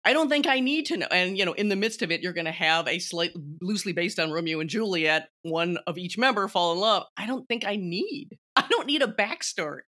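Opinionated woman, bright voice. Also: fairly low pitch, a little fast, hardly any pauses. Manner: opinionated, animated, laughs often. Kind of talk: casual film discussion.

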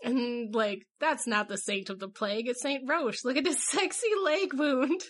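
A middle-aged woman co-hosting a podcast, chatting casually with quick, wry joking asides. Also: a little high. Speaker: podcast co-host.

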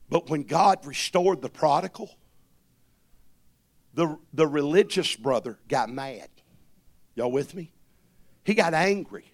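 A man preaching a sermon as pastor, impassioned, calling on the congregation to repeat his words. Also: a little high.

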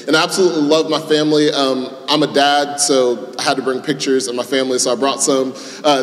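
A man, preaching a sermon in a conversational, self-deprecating way, moving from hushed prayer to loud animated storytelling. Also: on the high side. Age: 30s. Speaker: pastor. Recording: echoey hall with long reverb.

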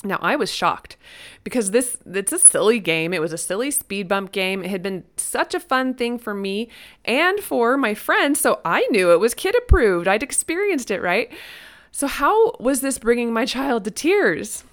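A middle-aged woman telling a personal story about her childhood and her own children. She talks casually and jumps into high, loud voices when she quotes herself and her daughters. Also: moderate pace. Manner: animated, acts out voices with sudden high-pitched quotes.

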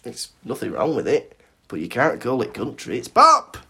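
Lively man, casual podcast banter. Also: medium pitch, moderate pace, vocal fry, slightly rough. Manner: animated, jokey, imitates sounds while explaining. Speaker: podcast co-host. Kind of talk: casual chat.

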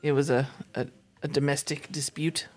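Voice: mid-range voice, level tone, moderate pace, soft background music. Wry co-host with teasing asides. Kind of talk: casual chat.

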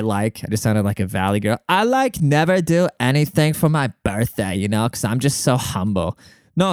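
A man's voice: mid-range voice, darkish tone, clean tone, no room sound, clean studio sound. A young man hosting a podcast, rambling casually in a jokey, profane, slang-heavy way and calling everyone "dude". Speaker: podcast host.

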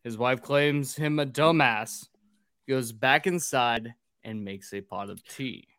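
A man's voice: mid-range voice, slow pace, fairly bright tone, smooth, dry recording, studio quality. A man hosting a casual drinking podcast, recapping a film plot in a profane, rambling way.

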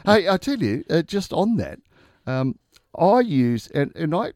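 Older Australian male co-host, lively and chatty, dry close mic. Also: on the high side, a little slow, dry recording. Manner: chatty, laughs often. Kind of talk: casual chat.

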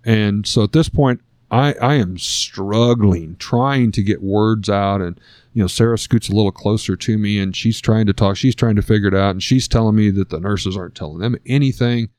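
Lowish dry-voiced man telling a story. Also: normal speed, darkish tone, no room sound. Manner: earnest and reflective. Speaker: guest sharing a personal story. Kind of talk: conversational storytelling.

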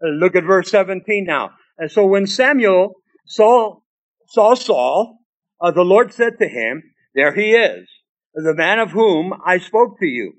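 A man preaching a sermon, reading scripture aloud and musing on it in deliberate asides. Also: high voice, lively intonation. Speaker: pastor.

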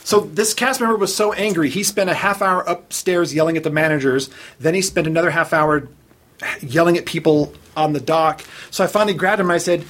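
A man's voice: on the high side, fairly quick. A man casually telling stories as a podcast guest, acting out the voices of the people in them. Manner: animated storyteller, acts out quoted voices. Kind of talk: casual storytelling chat.

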